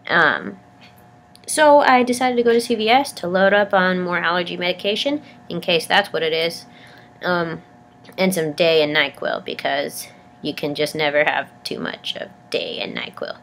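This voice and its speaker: A young woman chats to the camera in a casual vlog, rambling and stammering as she pokes fun at herself. Her voice sits a little low and sounds sick and congested. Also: normal speed, vocal fry, a bit bright, slight background noise. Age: young adult. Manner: rambling, self-deprecating, stammers. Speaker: vlogger.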